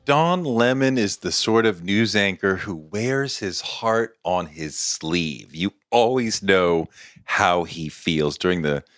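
A man's voice: deep voice, lively intonation, slow pace, a bit bright, dry recording, clean studio sound. A man hosting a podcast introduces his guest with earnest enthusiasm, then reads a plug for the show. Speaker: podcast host.

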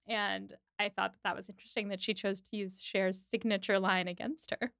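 A woman co-hosts a podcast, casually recapping a movie scene by scene and acting out the characters' lines with frequent laughs. Her medium-pitched voice moves at a normal speed with few pauses, and the recording is dry and studio-clean.

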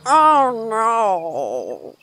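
A woman's voice: wildly swooping pitch, drawn-out words. A woman playing a tabletop role-playing game, slipping between her character and narration with giggly, gushing bursts. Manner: giggly, gushing, voice jumps up high. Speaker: player.

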